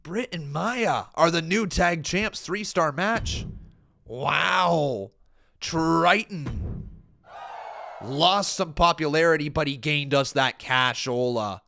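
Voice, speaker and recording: A young man casually commentating on a wrestling video game, excitable and jokey. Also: a little high, slow, gravelly. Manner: excitable, jokey, breaks into chants. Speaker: gaming streamer.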